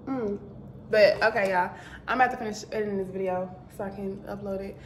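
A woman vlogger chatting casually to camera, animated and talkative. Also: medium pitch, a little fast, echoey room, slight background noise. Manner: chatty, animated, addresses viewers as y'all. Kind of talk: casual vlog chat to camera.

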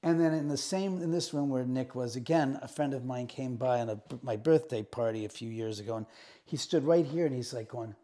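A man's voice: medium pitch, brisk. A middle-aged man showing visitors around a room of his house, casually retelling ghost encounters and acting out the quotes. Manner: animated retelling with acted-out quotes. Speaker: house owner giving a tour. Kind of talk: casual storytelling.

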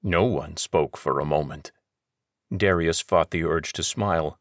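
A man narrating an audiobook in a steady, measured way. His voice sits very low. The recording is close and dry, with no room sound. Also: dry recording.

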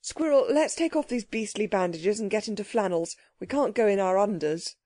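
A woman's voice: medium pitch, expressive, moderate pace, mellow, dry recording, clean studio sound, close to an everyday voice. A woman voicing a boy who speaks disagreeably and hurriedly. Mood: grumpy. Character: boy Robert, disagreeable and quick.

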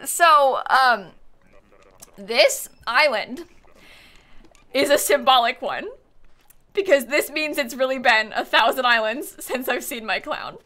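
Excitable high-voiced woman streamer. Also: takes it slowly, long pauses. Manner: excitable, laughs often, shouts in exasperation. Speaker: game streamer. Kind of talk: live-stream chat while gaming.

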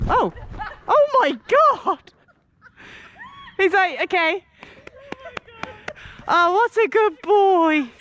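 A woman's voice: extremely high pitch, expressive, slow, long pauses, fairly bright tone, highs cut off, slight background noise. A young woman hosting a casual vlog, chattering and giggling at herself while riding a horse in an outdoor arena, picked up by an action camera. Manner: giggly, self-mocking chatter. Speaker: vlogger host. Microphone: helmet action camera.

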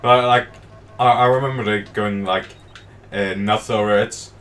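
A man's voice: on the low side, steady tone, normal speed, fairly bright tone. A young man playing a video game with a friend, goofy and prone to mock-dramatic exclamations. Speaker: let's play co-host. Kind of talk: casual gaming banter. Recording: distant mic with faint room noise.

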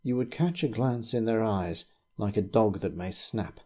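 A man reading a ghost story aloud in a measured, grave storytelling manner. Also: on the low side, warm tone. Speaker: narrator.

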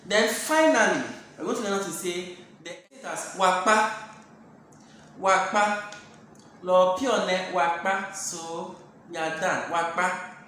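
Patient Dangme-speaking teacher, unhurried, booming reverberant room. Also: a bit bright. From Ghana. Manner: repeats each phrase slowly, explains patiently. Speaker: language teacher. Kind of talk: online language lesson. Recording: very echoey room, faint hiss.

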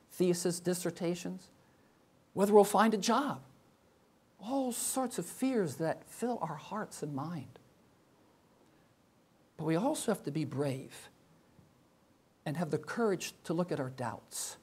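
With a high yet darkish voice, this older professor preaches a thoughtful chapel sermon, posing one rhetorical question after another.

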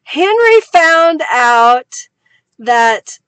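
A woman's voice: sits high, very animated, very slow, a bit bright, no room sound. A woman hosting a craft livestream, chatting casually with viewers, reading their comments aloud and laughing often.

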